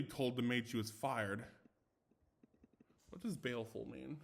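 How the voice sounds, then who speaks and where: Reading ghost stories in an unhurried, gravelly, medium-pitched voice, this young man keeps things casual and chatty with asides about himself. He trips over words and restarts, and there's no proper microphone.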